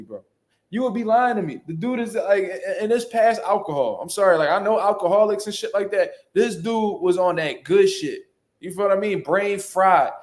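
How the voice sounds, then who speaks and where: A man's voice: sits high, a little mellow. A man hosting a casual boxing commentary show, talking bluntly with heavy slang and profanity. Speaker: boxing commentary channel host.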